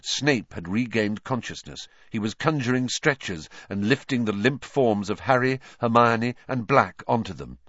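A man reading a fantasy novel aloud as an audiobook narrator, expressive and given to dramatic pauses. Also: mid-range voice, dry recording, muffled recording.

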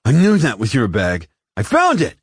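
A man voicing an overexcited male alien recruit who gushes and shouts in an audiobook. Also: mid-range voice, huge pitch swings, breathy edge, dry recording, studio quality, voice pushed up, heavily acted. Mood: gushing. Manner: shouting, gushing, fast bursts of enthusiasm. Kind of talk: audiobook character voice.

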